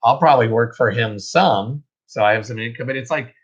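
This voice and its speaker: Host, man, mid-pitched, rambling self-deprecating chat, dull lo-fi audio. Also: brisk, slightly rough. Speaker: reseller host. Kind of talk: casual livestream chat.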